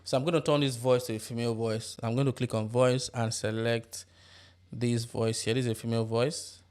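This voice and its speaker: A man hosting a tutorial, explaining software steps one by one and checking in with tag questions. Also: mid-range voice, little pitch movement, fairly quick, smooth. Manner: step-by-step instructive, tag questions. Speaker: tutorial host. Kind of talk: screen-recorded software tutorial.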